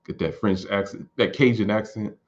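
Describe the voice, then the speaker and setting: A man in his thirties in casual chat, answering viewer questions in a relaxed, rambling way and repeating words as he thinks. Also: on the low side, normal speed. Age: 30s. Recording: dull lo-fi recording.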